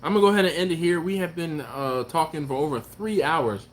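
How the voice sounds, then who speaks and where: A laid-back, chuckling man hosts a barbecue channel's casual late-night live stream, reading comments aloud. He speaks fast in a slightly high voice, and there's a little hiss or hum on the recording.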